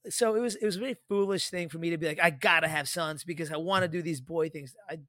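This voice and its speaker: Male podcast co-host, 30s, slightly high voice, rambling animated storyteller, dry close-mic sound. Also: quick pace, dry recording. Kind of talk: casual podcast chat.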